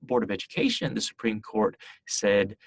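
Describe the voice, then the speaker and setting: A man's voice: lowish voice, lively intonation, moderate pace, vocal fry, dry recording. A man teaching a history class in a recorded lecture, explaining step by step with frequent fillers and restarts.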